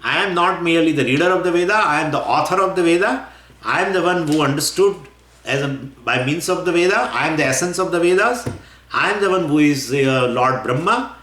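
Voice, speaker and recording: A man teaching scripture in a lecture. He talks in an animated way, acts out imagined questions and often chuckles. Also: a little high, brisk. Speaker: spiritual teacher. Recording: roomy echo.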